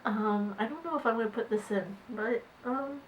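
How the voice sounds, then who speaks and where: A woman's voice: fairly high pitch, lo-fi sound, a little hiss or hum. Woman talking in a reflective vlog. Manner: halting and reflective, many fillers and restarts. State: tearful, voice catching. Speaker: artist manager. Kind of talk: casual vlog talk to camera.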